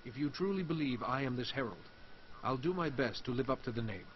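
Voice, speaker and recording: An actor playing an earnest, respectful young Jedi padawan in a video game. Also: male voice, mid-range voice, lively intonation, fairly quick, highs cut off, slight background noise, natural voice.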